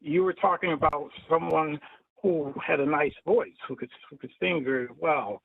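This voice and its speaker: A man's voice: fairly high pitch, moderate pace, creaky, dry recording. A man in an open mic video call who asks a long, thoughtful question, rambling and restarting often. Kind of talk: casual chat on a video call. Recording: tinny dry phone-like call audio.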